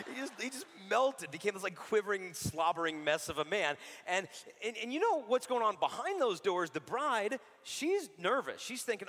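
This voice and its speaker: Bright slangy guy preaching, kinda high voice, big echoey hall. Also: big pitch swings, moderate pace, few pauses. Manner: casual and joking, says dude a lot. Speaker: Catholic speaker. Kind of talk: lively sermon-style talk. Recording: reverberant hall.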